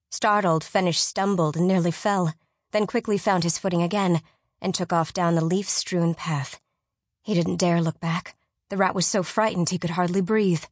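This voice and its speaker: A woman narrating a children's storybook audiobook in a measured, suspenseful way. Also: fairly low pitch, no room sound, studio quality.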